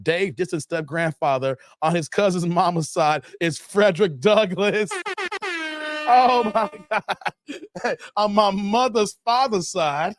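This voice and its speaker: Jokey, fairly high-voiced middle-aged man. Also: takes it slowly, a little hiss or hum. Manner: jokey, laughs often, animated. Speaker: live stream host. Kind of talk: casual chat.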